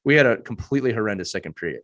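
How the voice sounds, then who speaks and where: A man in his thirties, a youth hockey coach, talking earnestly on a podcast panel with a hoarse voice and repeating points for emphasis. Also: on the low side, animated, racing, a bit bright.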